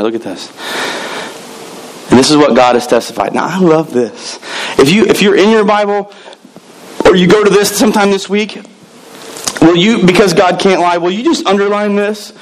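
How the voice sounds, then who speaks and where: A middle-aged man preaching in a high, light voice. He drives points home with emphatic repetition and storytelling. A faint hiss sits under the recording. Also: fairly quick, poor audio. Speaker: pastor. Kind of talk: sermon.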